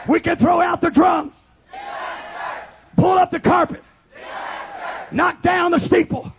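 A man preaching a fiery Pentecostal revival sermon, shouting and calling the congregation to respond. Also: very high-pitched, fairly even intonation, slow pace, creaky, some chatter behind, a little hiss or hum.

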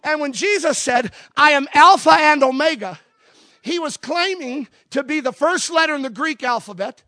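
A male pastor preaching a sermon at a camp meeting, building from quiet teaching to shouted calls. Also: very high voice, animated, normal speed, dry recording.

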